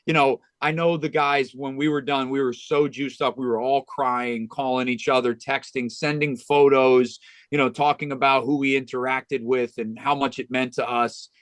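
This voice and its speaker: Male golf pro guest, sincere and chatty, with plenty of restarts, at a mid pitch in a dry, close recording. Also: steady tone, normal speed, no echo. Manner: earnest, with frequent restarts and "you know". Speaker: golf club director of instruction, podcast guest. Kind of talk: heartfelt conversational storytelling.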